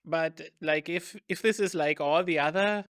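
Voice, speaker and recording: A man's voice: on the high side, moderate pace, fairly bright tone, clear, resonant tone, no echo, clean studio sound. A man co-hosting a casual tech podcast, chatty and filler-heavy, leaning on "like" as he talks. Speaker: podcast co-host. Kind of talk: casual chat.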